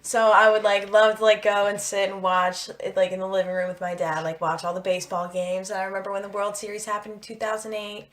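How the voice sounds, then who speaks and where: A young woman from the Philadelphia area co-hosts a loose, chatty podcast. She rambles through her stories with lots of "like" fillers, in a middle-pitched voice. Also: quick pace, few pauses. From Philadelphia area, USA. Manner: rambling, animated storyteller with heavy "like" fillers. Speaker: podcast co-host. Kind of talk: casual chat.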